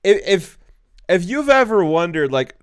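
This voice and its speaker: A man hosting a casual political commentary show, talking in animated bursts, often restarting his words and chuckling at his own points. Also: high voice, unhurried, smooth, no echo, studio quality. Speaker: show host.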